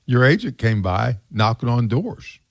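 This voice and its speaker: A man's voice: mid-range voice, very animated, a little slow, creaky, no echo. Folksy male radio host. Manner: folksy anecdote teller. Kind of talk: casual radio chat. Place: radio studio. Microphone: studio mic.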